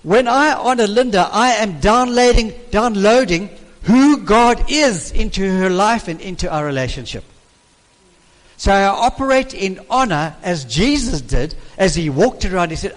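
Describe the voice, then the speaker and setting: An older male minister preaches to couples with emphatic, repeated phrases. His voice sits quite high for a man. A long hall reverb trails every word. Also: lively intonation, a little slow. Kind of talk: sermon-style teaching.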